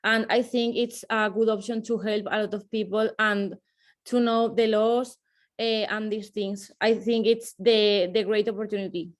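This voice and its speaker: A woman's voice: medium pitch, little pitch movement, moderate pace. A woman speaking plainly, with some hesitation, in a panel discussion over a video call. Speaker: law clinic participant.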